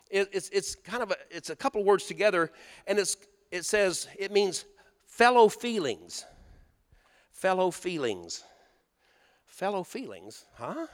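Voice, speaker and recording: A pastor preaching a sermon in a folksy, storytelling way, asking the congregation questions. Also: male voice, sits high, a bit bright, long reverb tail.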